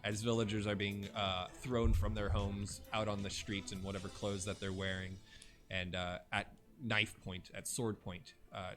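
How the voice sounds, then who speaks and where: A young man narrating a tabletop game as game master, halting with many fillers. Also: on the low side, little pitch movement, over music.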